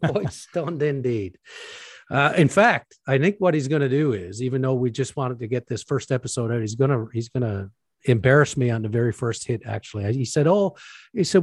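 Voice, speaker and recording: A man's voice: medium pitch, moderate pace, slightly rough, dry recording. A man hosting a casual podcast chat with his brother, jovial and self-mocking, laughing often. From Newfoundland. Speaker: podcast host; preacher.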